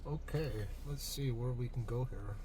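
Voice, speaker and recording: A Canadian man with a medium-pitched voice at a moderate pace vlogs casually outdoors in a rainy forest, very noisily. He chats and laughs often while working on his truck and driving up a logging road, narrating as he goes.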